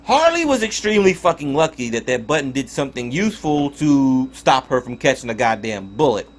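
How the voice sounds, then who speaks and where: A man's voice: medium pitch, big pitch swings, a little fast. A young man giving a casual spoken review of a cartoon episode, swearing and ranting in exasperation with frequent restarts. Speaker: TV show reviewer.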